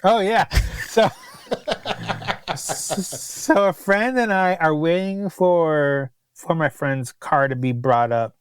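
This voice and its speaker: Man, podcast guest, slow deliberate talker, incredulous, dry close sound. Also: a little high, clear, resonant tone, dry recording. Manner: animated, incredulous storyteller. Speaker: food writer and guest. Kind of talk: casual podcast chat.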